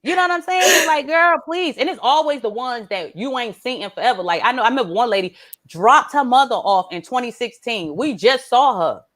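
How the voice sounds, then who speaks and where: Woman, stand-up comedian, high voice, very lively pitch, brash, profane, laughs at own jokes. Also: brisk. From Atlanta, Georgia.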